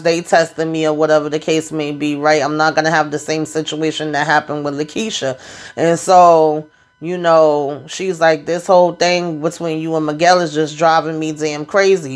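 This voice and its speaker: A woman giving a sassy, animated recap of a TV episode in casual chat, acting out the characters' lines in AAVE. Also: low voice. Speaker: show recap reviewer.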